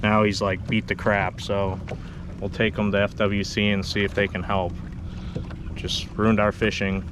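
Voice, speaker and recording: A man's voice: lowish voice, flat delivery, measured pace, noisy background. A man on a boat out on the water, furious and swearing in a live clip.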